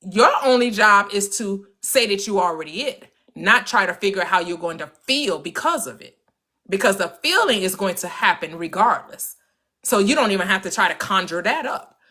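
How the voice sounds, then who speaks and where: A woman with a bright, forceful voice at a middle pitch co-hosts a laid-back talk about mindset. She speaks freely, leans into her stories and laughs often along the way. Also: moderate pace. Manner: relaxed, talkative, laughs often. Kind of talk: casual chat on mindset and manifesting.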